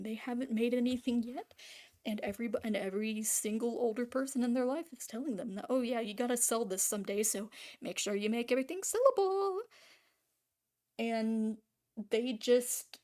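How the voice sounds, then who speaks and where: On camera, a woman with a mellow, highish voice rants casually about making art. She rambles and swears, restarting often and trailing off into fillers.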